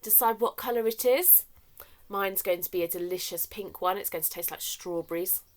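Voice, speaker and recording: A young woman leading a children's story time with warm-up games, talking in a sing-song way that swings from whispers to shouts. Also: medium pitch, moderate pace.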